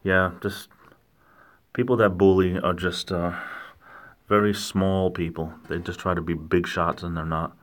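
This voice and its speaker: A man with a Rhode Island accent, casually chatting and joking with viewers on a livestream in a rambling, halting way. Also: low voice, flat delivery. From lower New England, Rhode Island–Massachusetts border. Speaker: livestream host reading chat.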